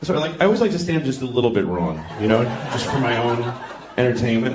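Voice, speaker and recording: Lively stand-up comic from Boston. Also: male voice, medium pitch, fast, noisy background. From Boston, USA. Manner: dry, conversational, self-mocking delivery. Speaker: stand-up comedian. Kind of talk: stand-up comedy set. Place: comedy club stage. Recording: echoey club with crowd laughter.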